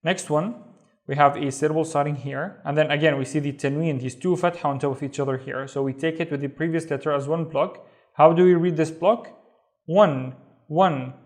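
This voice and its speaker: A man's voice: fairly high pitch, fairly even intonation, brisk. A man teaching a beginner reading lesson, patiently sounding out syllables one at a time and repeating each word. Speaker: Arabic teacher. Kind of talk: slow step-by-step reading lesson.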